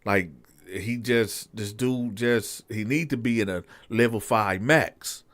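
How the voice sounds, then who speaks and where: A man voicing a weary male prison sergeant who speaks in a low, confiding tone. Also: slow pace, fairly bright tone, dry recording. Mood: hushed.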